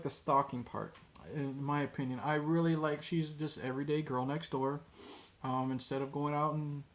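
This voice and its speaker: Guy rambling through a movie review, kinda high voice, lots of ums. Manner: rambling, many ums and restarts, quotes lines in a low voice. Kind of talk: casual spoken movie review.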